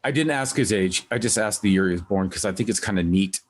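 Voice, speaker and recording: A man hosting a music podcast, talking in a casual, rambling way and acting out quotes with lively voices. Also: lowish voice, quick pace. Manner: rambling, animated when quoting others. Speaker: podcast host. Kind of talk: casual conversational interview.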